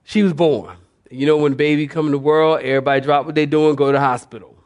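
An older male pastor preaching a sermon with a fairly high voice. He is folksy and conversational, and he keeps calling out to the congregation for responses. His delivery is animated. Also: quick pace. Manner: animated preaching with audience call-outs.

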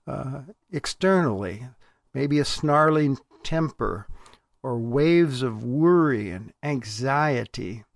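A man's voice: mid-range voice, vocal fry, no echo, studio quality. A man preaching a sermon as a pastor, earnest and emphatic.

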